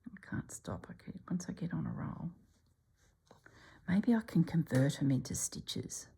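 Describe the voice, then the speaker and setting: A middle-aged woman, chatting casually as she stitches for her channel and often dropping to a soft whisper. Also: sits low, sing-song, unhurried, creaky. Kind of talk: casual stitching vlog chat.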